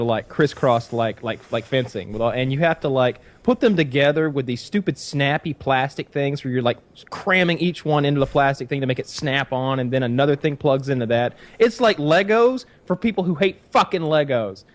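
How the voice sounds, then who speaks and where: Exasperated, rambling podcast man. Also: medium pitch. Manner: rambling, exasperated storytelling with lots of swearing. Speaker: podcast host. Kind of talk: casual chat.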